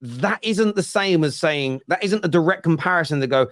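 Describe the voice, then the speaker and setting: A man hosting a football fan show, reacting fast to viewer comments in casual discussion. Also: fairly high pitch, lively intonation, dry recording.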